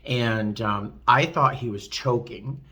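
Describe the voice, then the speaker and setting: A man's voice: mid-range voice, slow pace, bright, forceful tone. A man vlogging from a hotel room in a chatty, rambling way full of fillers. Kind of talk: casual chat to camera.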